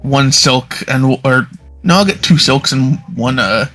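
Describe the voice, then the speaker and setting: A man's voice: medium pitch, measured pace, bright, forceful tone, soft background music. A man playing a tabletop game, chatting casually and searching for words as he goes. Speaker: player.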